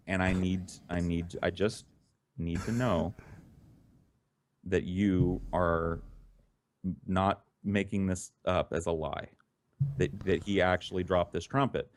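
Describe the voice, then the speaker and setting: A man voicing a calm, serious father quietly telling his son something important, in a low, hushed, earnest voice. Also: takes it slowly, pauses often.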